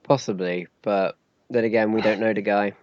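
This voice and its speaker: A man with a low voice talks casually on a podcast, patiently explaining and setting his co-host straight. The recording is dry and lo-fi, with no room sound. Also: fairly even intonation, normal speed, darkish tone, no room sound. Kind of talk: casual chat.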